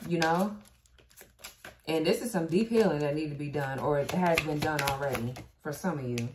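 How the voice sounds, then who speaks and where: A woman's voice: low voice, moderate pace, reverberant, noisy background. A woman giving a casual tarot reading, blunt and profane, who laughs and talks back to the cards as she goes. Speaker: tarot reader.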